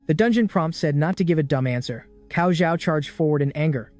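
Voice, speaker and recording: A man narrating a story recap in a brisk, dramatic scripted style. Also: fairly high pitch, a little mellow. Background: faint background music.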